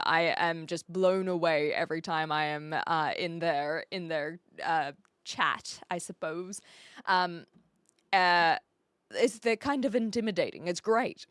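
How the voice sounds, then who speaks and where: A woman with a New Zealand accent chats casually with her viewers on a live stream, rambling and laughing often as she reads their messages. Her voice is bright and clear. It sounds close and dry, with no room echo. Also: fairly low pitch. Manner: chatty and rambling, laughs often, self-deprecating.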